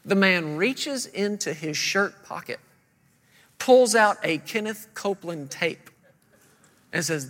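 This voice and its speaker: Brief: man in his 30s, storytelling pastor, high and bright, reverberant church hall. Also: expressive, takes it slowly, pauses often. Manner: storytelling, acting out voices, humorous. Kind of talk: sermon.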